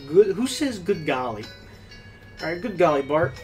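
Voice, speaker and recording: A man giving let's-play commentary on a horror game, with loud, swearing reactions to scares. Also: a little high, sing-song, moderate pace, recorded from a distance, faint music behind. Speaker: gaming YouTuber.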